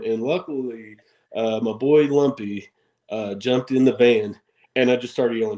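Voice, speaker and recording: A man, a wrestler guest on a podcast, telling stories in an animated way, acting out quotes and laughing often. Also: medium pitch, fairly quick, rough recording. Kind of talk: casual storytelling interview.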